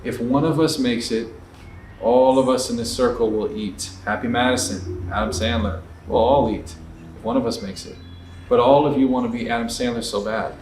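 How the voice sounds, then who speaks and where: A man's voice: mid-range voice, a little mellow. Blunt, cursing man in an echoey room. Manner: blunt, profane, emphatic storytelling. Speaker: indie filmmaker. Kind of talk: candid advice rant to camera. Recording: echoey room, distant mic, faint ambience.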